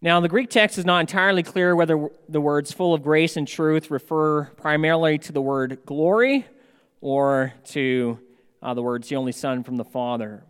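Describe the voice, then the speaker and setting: A man preaching a sermon as pastor, slow and measured, with emphatic rises on key words. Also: fairly high pitch, steady tone, fairly bright tone, smooth. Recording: long hall reverb.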